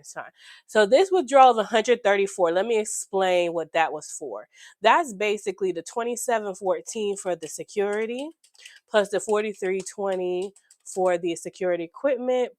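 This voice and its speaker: A slightly hoarse woman, chatting excitedly with viewers while walking through her budget at home. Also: mid-range voice, no echo, clean studio sound. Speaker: budgeting YouTuber. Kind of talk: casual chat while budgeting. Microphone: desk microphone.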